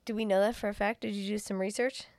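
A woman's voice: mid-range voice, fairly even intonation, fast, darkish tone, dry recording. A woman co-hosting a casual podcast, cutting in with crude jokes and teasing questions. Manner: wisecracking, jumps in with crude jokes. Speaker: podcast co-host. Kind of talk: casual banter.

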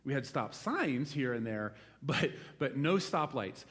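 This pastor, a man in his forties from the rural United States, speaks at a medium pitch and a little slowly to a congregation in a church hall. His sermon opens with a lively tale of his rural boyhood, swinging from loud exclaims to quiet reflection.

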